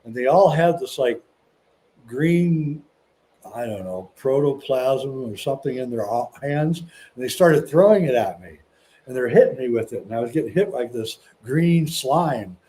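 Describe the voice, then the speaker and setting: Mellow man telling a story. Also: medium pitch, measured pace, rough recording. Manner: relaxed storytelling with many fillers and restarts. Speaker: guest. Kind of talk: casual interview talk.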